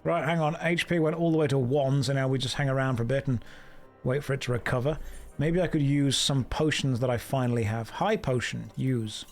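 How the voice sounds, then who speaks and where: A man's voice: mid-range voice, fairly even intonation, fairly quick, soft background music. Sarcastic man streaming a game. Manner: sarcastic, jokey running commentary. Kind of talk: live game commentary.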